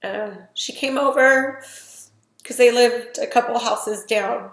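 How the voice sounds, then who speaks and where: A woman's voice: on the high side, fairly even intonation, takes it slowly, creaky, a bit bright, roomy sound. A middle-aged woman giving a personal testimony, retelling events emotionally with quoted dialogue. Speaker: testimony speaker.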